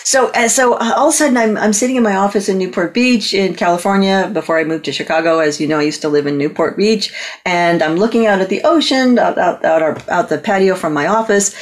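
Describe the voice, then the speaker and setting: A woman's voice: mid-range voice, quick pace. A woman guest on a talk show telling a long story with lots of energy, acting out the voices of the people in it. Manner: lively, acts out voices in her story. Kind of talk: animated anecdote on a talk show.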